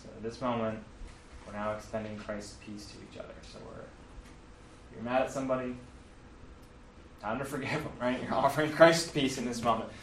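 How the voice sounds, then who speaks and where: A man's voice: medium pitch, fairly even intonation, a little fast, pauses often, fairly bright tone, slight background noise. A man casually walking listeners through the Mass, with fillers and self-corrections. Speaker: teacher explaining the Mass. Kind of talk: casual explanatory talk. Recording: roomy, from a distance, faint ambience.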